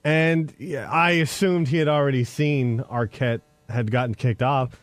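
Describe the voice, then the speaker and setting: A man on a radio show staff defends himself haltingly in studio banter, with nervous laughs and restarts. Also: medium pitch, steady tone, no room sound, soft background music. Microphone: studio microphone.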